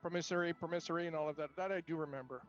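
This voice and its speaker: A man's voice: on the high side, fairly even intonation, very fast, soft background music. A man playing in a tabletop game, chatting casually with wry, joking asides. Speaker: player. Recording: dull lo-fi audio.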